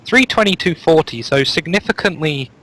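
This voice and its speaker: A man's voice: a little high, expressive, moderate pace, sharp tone, rough recording. A man co-hosting a live chat show, reading out the latest runs in a rambling, joking way full of fillers, speaking over a home microphone on an online call. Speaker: co-host reading out new speedruns.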